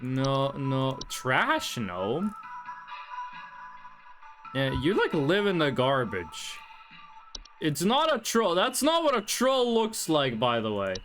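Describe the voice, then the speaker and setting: Streamer musing out loud over a game, slow and drawly, pitch bouncing all over, light music behind. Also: huge pitch swings. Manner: thinks aloud, chatty, swears casually. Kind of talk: casual game commentary. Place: at home.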